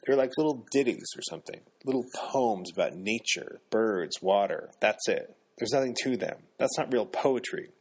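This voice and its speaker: A man's voice: medium pitch, expressive, moderate pace, hardly any pauses, breathy edge. A man voicing a cynical young male editorial intern who talks dismissively. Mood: scornful. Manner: scornful, dismissive.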